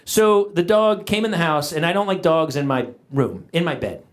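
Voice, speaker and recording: A man's voice: fairly high pitch, moderate pace. A middle-aged man performing a stand-up comedy routine on stage, acting out the people in his stories in changing voices. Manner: animated, acts out quoted family members in shifting voices. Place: comedy club stage before a live audience. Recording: live audience laughter around the voice.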